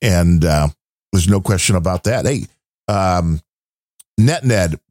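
Lively joking podcast host. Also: male voice, sits low, takes it slowly, no room sound. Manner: joking, rambling, laid-back. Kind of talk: casual podcast chat reading listener support.

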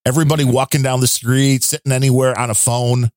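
A man's voice: medium pitch, fairly even intonation, quick pace, darkish tone, no echo, clean studio sound. A man hosting a casual political podcast, who jokes, laughs often and speaks to his listeners as folks. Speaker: podcast host.

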